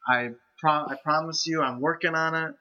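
A man's voice: fairly high pitch, steady tone, normal speed, bright, forceful tone. A man hosting a casual podcast chat, speaking hesitantly with frequent restarts. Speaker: podcast host. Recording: lo-fi home mic.

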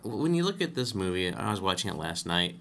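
A man's voice: low voice, very animated, fast talker, creaky, bright, forceful tone, slight background noise. A man co-hosting a podcast, chatting casually about a film, rambling and correcting himself as he goes. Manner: rambling, self-correcting, laughs easily. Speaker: podcast co-host. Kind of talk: casual movie discussion.

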